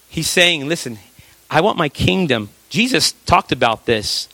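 A man preaching a sermon in a conversational way, with rhetorical questions and a habit of dropping low and quiet for emphasis. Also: sing-song, a little slow, no room sound. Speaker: pastor.

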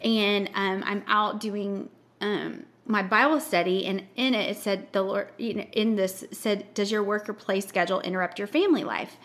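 A woman's voice: mid-range voice, fairly even intonation, moderate pace, a bit bright. A woman hosting a casual chat, talking in a chatty way and sharing her own story. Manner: chatty, many "like" fillers.

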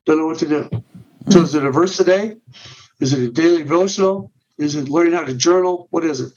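Speaking quickly in a somewhat high, slightly mellow voice, a middle-aged men's ministry director goes through a ministry plan point by point as a podcast guest. He restarts and repeats words along the way. The audio sounds dull and muffled.

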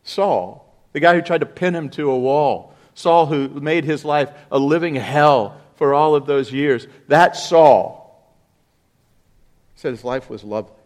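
A man's voice: fairly high pitch, a little slow. Man preaching with sweeping dynamics. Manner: preaching with big swings from quiet reading to loud emphatic outbursts. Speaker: pastor. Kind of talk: sermon.

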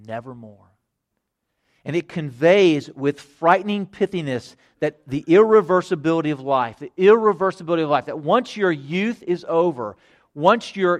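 Earnest middle-aged male pastor preaching. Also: high voice. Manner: earnest, repeats phrases, swings from loud emphasis to hushed. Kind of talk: sermon.

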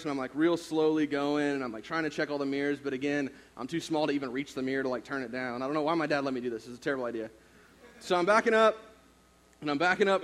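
Youth pastor, man, 30s, relaxed sermon storyteller, a bit high-pitched. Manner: casual storytelling, many fillers.

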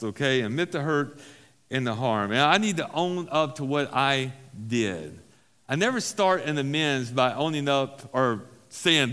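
In a church hall, a man preaches as pastor to a recovery group, speaking casually, repeating key phrases and tossing in self-deprecating asides. His voice is medium-pitched and animated, with a measured pace and a slightly bright quality. A long reverb tail trails after his words.

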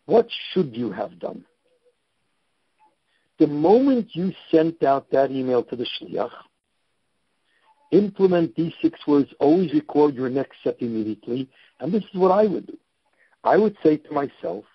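A man with a somewhat husky, slightly raised voice gives emphatic advice and repeats his key points. The sound is dry and a little dull, as on a modest lo-fi recording. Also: on the high side, animated, normal speed, no echo. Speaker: guest, time management coach. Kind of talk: podcast interview.

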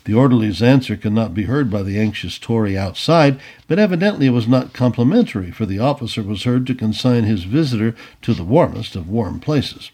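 Husky-voiced man reading a storybook aloud. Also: on the low side, brisk, few pauses. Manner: expressive, animated reading. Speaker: audiobook reader. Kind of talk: storybook narration.

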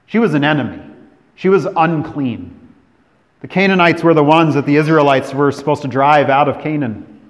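A man from California preaching a sermon as pastor, moving between emphatic declarations and hushed, drawn-out phrases. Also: on the high side. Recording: long hall reverb.

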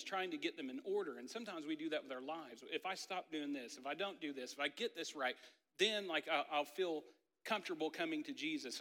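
Bright-voiced pastor in an echoing hall. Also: male voice, fairly high pitch. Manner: casual, storytelling, lots of "like" and "right?". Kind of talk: conversational sermon with personal story. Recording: long hall reverb.

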